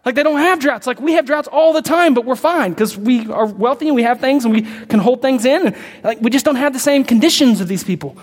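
A young male pastor delivers his sermon in a notably high voice, the sound ringing with long reverb through a large hall. He tells personal stories with passion, pushing up toward near shouts. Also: fairly quick, hardly any pauses. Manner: impassioned storytelling, rising to near shouts.

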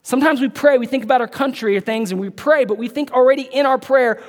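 A man preaching a sermon as pastor, emphatic and repetitive, swinging from loud, drawn-out lines to hushed, close asides. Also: very high voice. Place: church. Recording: church hall with long reverb.

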